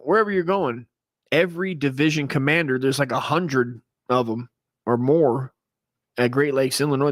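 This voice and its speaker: Male podcast host, loose and profane, rambles through stories with plenty of fillers. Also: medium pitch. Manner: earnest when he gets serious. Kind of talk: casual storytelling.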